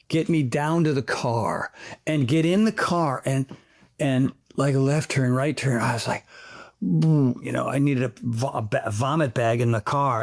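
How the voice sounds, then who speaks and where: A man, a fitness trainer, chatting as an interview guest, telling animated, rambling stories peppered with sound effects. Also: medium pitch, gravelly. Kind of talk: casual interview chat.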